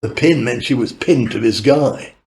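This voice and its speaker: A man's voice: medium pitch, moderate pace, a little mellow, slight background noise. Chatty older British man, roomy sound. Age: 80s. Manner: chatty, laughs often, casual swearing. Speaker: podcast guest. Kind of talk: rambling anecdotal storytelling.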